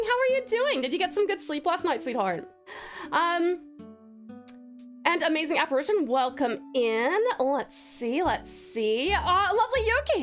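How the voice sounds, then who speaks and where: A woman's voice: high voice, a bit bright. A woman streamer greeting her chat one by one in an affectionate, doting, bubbly way, with faint music behind. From Australia. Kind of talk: casual live-stream chat.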